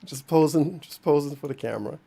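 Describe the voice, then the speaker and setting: Gravelly sarcastic young man. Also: on the high side, brisk, dark tone. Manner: sarcastic, mocking, with laughs and swearing. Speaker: commentator reacting to an old stream. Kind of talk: casual reaction commentary.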